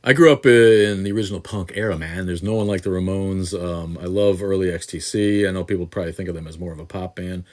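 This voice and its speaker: Working through viewer questions on a relaxed live stream, this sixty-something man speaks fast, with few pauses and fairly even intonation. His voice is deep and low. Broadcasting from a home studio in southeast Wisconsin, he rambles, restarts often, leans on fillers, and swears bluntly.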